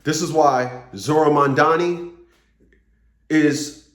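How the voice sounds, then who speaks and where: In an echoey room, a political commentator with a fairly high, fairly even voice delivers a slow, casual rant about politics. He rambles, repeats himself and uses profanity.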